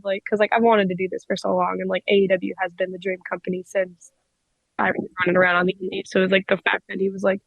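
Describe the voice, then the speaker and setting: A young woman in her twenties, a wrestler telling stories in a casual interview, excitable and giggly with lots of fillers. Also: medium pitch, gravelly, dry recording, phone-quality sound. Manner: excitable, giggly, many likes. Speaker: wrestler, guest.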